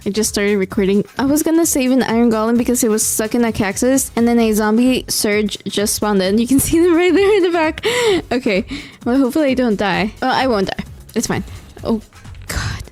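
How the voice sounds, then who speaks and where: A woman's voice: a little high, a little fast, darkish tone, faint music behind. A young woman giving casual commentary over her gameplay, tired late at night, pleading and exasperated and laughing often. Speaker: gaming vlogger.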